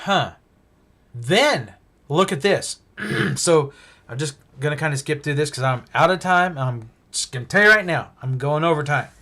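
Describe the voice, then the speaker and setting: A male preacher giving a Bible-teaching sermon, emphatic and full of rhetorical questions, swinging between loud stresses and hushed asides. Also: a little high, animated, moderate pace.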